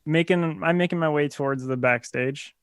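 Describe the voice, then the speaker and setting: A man's voice: fairly high pitch, moderate pace, a bit bright, clean tone, no echo, studio quality. A man playing a tabletop game, describing his moves hesitantly with many fillers. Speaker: player. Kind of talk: casual tabletop play.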